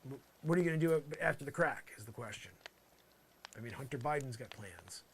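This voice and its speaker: A man's voice: medium pitch, animated, fairly quick, slight background noise. A man doing an improvised comedy monologue, rambling with exasperated sarcasm and lots of filler phrases. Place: campsite, pretend outdoors.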